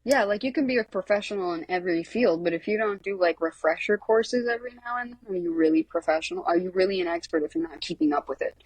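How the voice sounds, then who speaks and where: A woman's voice: lowish voice, fast, few pauses, breathy edge. A woman in her thirties, a podcast guest, chatting casually in a blunt, profane, enthusiastic way. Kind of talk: casual chat.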